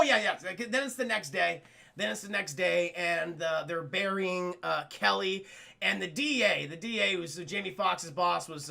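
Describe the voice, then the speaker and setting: Man reviewing a film live, chatty and profane, gravelly voice, bright tone. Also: sits high. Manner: chatty, profane, laughs often, addresses chat. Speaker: film reviewer streaming to chat. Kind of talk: casual spoken film review.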